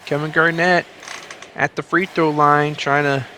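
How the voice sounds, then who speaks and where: A man hosting a gaming channel, calling a simulated basketball game play by play. His voice is bright and forceful, sitting a bit high for a man, and it leaps higher on the big plays before settling back into relaxed asides. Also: a little slow, a little hiss or hum. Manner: excitable, jumps up in pitch on big plays, asides. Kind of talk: play-by-play commentary over a basketball video game.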